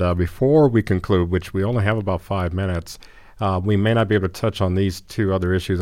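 A man's voice: sits low, a little mellow, dry recording. A man hosting a radio interview in a studio, conversational and prone to stumbling and repeating words. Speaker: radio host.

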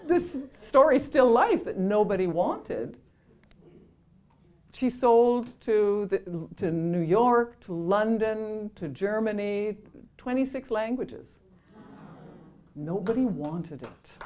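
A woman's voice: medium pitch, expressive, slow pace, darkish tone. A middle-aged woman from Canada telling a self-deprecating story to an audience, laughing often and acting out the voices of the people she quotes. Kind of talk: anecdotal storytelling.

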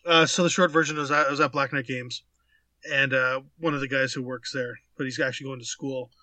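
A man's voice: mid-range voice, fairly quick, no echo. A man casually telling a funny anecdote as a podcast co-host, acting out quotes and swearing freely. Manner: animated anecdote teller, swears, acts out quotes. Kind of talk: casual chat, storytelling.

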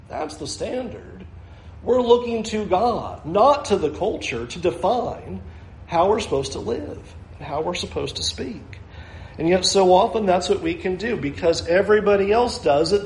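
A man's voice: sits high, a little mellow, roomy sound, poor audio. A male pastor preaching a sermon, earnest and building to emphatic challenges.

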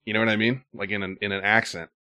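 A man hosting a casual podcast chat, animated and quick to swear. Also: on the low side, dry recording. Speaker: podcast host.

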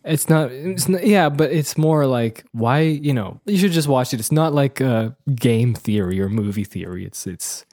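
A man's voice: medium pitch, expressive, moderate pace, hardly any pauses, mellow, no echo, clean studio sound. A man co-hosting a podcast, reading a scene recap aloud and breaking into laughter. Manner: reads with laughing asides. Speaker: podcast co-host reading the minute summary. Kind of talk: casual chat and read-aloud recap.

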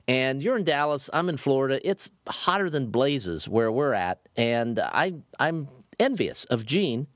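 A chatty man co-hosts a laid-back podcast. His pitch swings widely as he talks, and he stumbles over his words now and then. The recording is close and dry, with no room echo. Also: unhurried, hardly any pauses. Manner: chatty, lively, some stammered starts. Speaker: podcast co-host. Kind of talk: casual podcast chat. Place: home in Florida.

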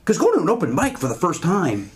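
A man in his fifties, a comedian guest, talking in a fast, animated, run-on way on a podcast. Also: sits high. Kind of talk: casual podcast chat.

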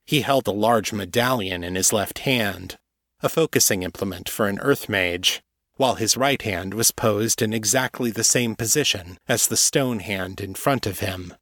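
A man narrating a fantasy story in a measured, deliberate way. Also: on the low side, a bit bright, no echo, studio quality. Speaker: audiobook narrator. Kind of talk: scripted fiction narration.

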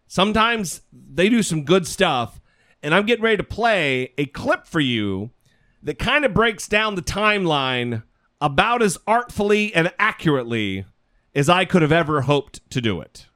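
A man's voice: fairly high pitch, big pitch swings, moderate pace, sharp tone. A man co-hosting a casual political podcast, chatty and rambling, swearing casually. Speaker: podcast co-host. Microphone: studio mic.

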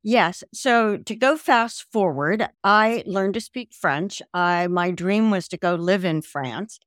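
Older female interview guest on a video call, lively storyteller who mimics voices, dry close sound. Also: medium pitch, slow, no room sound. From American South. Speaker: guest, language program founder.

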